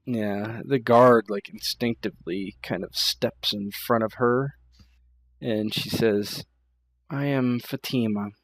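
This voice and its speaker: A man narrating a tabletop game as game master in a slow, relaxed way. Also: on the low side.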